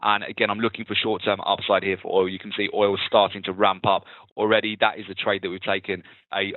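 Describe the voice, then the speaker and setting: A man's voice: deep voice, no echo. Man with tinny webinar audio. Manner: steady, explanatory, talks through charts. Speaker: webinar host and trading analyst. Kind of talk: live webinar market analysis.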